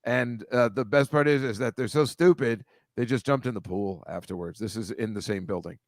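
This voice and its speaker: A man's voice: mid-range voice, a little fast, no room sound, clean studio sound. A man hosting a casual video-call chat over shared slides, rambling, wry and mocking, swearing freely. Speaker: host.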